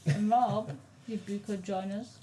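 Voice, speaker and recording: A woman's voice: mid-range voice, steady tone, measured pace, noisy background. A woman guesting on her sister's podcast, teasing and playful in casual chat. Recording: busy chatter behind.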